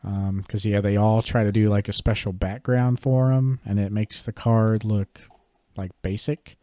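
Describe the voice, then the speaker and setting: A man's voice: fairly low pitch, measured pace, dry recording. A man co-hosting a podcast, chatting casually and rambling a bit with lots of fillers. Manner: relaxed, rambling, many fillers and hedges. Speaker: podcast co-host. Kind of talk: casual chat about collectible cards.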